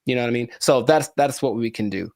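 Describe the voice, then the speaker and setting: Animated, jokey male podcast host. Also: mid-range voice, quick pace, no echo, studio quality. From California. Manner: animated, jokey, rambling asides. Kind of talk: casual podcast chat.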